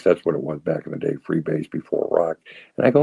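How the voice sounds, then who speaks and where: A man in his sixties with a very low, gravelly voice tells his recovery story, halting and restarting, with a wry, self-mocking humor. His tone is dark and husky, recorded close and dry. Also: sing-song, no echo, low-quality recording. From New England. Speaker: recovery speaker.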